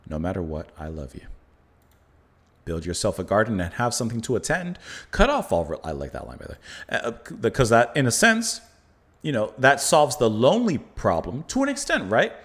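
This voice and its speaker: Male reaction host, mid-pitched, animated intonation, thinks aloud and circles back on his points. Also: brisk. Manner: reflective, thinks aloud with fillers and restarts. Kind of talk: album reaction commentary.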